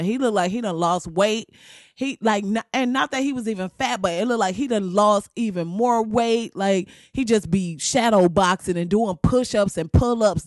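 A man's voice: sits high, dry recording, studio quality. Slangy man ranting casually. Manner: slangy, profane, laughing asides. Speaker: vlogger. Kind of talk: casual comedic rant.

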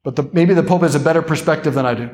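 Young priest guy giving a keynote, kinda high voice, animated and jokey. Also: rapid-fire. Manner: animated, conversational, playful asides. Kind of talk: keynote talk.

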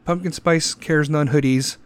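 A man's voice: fairly high pitch, fairly even intonation, a little slow. Profane rambling man ranting on a podcast. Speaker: podcast host. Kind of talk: casual solo podcast rant. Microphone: podcast microphone, pop filter.

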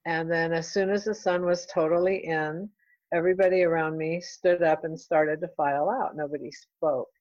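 Woman, middle-aged, low voice, heartfelt, dull dry lo-fi sound. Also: steady tone, a little mellow, no echo. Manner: earnest, heartfelt, halting. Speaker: guest, real estate broker. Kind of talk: casual interview chat.

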